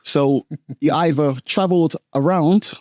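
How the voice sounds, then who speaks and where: Male host, higher mellow voice, easygoing questions, dry close recording. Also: a little slow, no echo. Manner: friendly questioning with fillers. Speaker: podcast host. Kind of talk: casual podcast interview.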